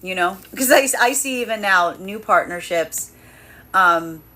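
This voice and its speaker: A woman's voice: medium pitch, animated, a little slow, pushed and bright. A woman giving a live tarot reading in a rambling, chatty way, full of fillers and frequent laughs. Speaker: tarot reader.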